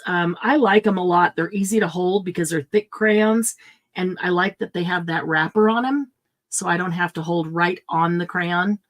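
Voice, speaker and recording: A middle-aged woman hosting a live craft supply sale, chatting casually and thinking aloud as she sets prices. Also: lowish voice. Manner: chatty, thinks aloud while pricing items.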